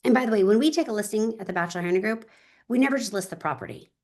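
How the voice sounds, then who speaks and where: A woman's voice: mid-range voice, racing, a little mellow. A woman real estate agent talking in an interview, telling stories with energy and emphasis and speaking straight to her listeners.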